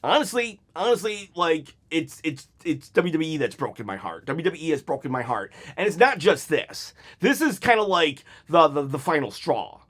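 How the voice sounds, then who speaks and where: A man's voice: on the high side, very animated, normal speed, hardly any pauses, fairly bright tone. A man giving heated, exasperated hot-take commentary on wrestling, with sarcastic mock quotes.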